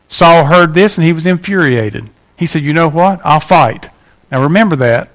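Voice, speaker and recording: A man's voice: on the high side, a bit bright. A man preaching a sermon in a folksy, emphatic way, often asking the congregation questions. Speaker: pastor.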